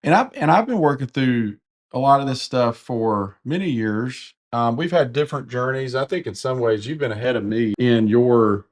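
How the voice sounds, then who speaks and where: A man's voice: mid-range voice, lively intonation, normal speed. Man, southern US accent, podcast co-host, rambling, candid chat. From Carolinas, US. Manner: rambling, self-correcting, candid. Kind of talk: casual conversation.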